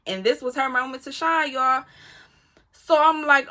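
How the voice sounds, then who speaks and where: Bright-voiced woman telling a story. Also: high-pitched, unhurried. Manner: animated, emphatic, addresses listeners as y'all; candid and profane, talks back to her rival. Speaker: storytime vlogger. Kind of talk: casual storytelling to camera.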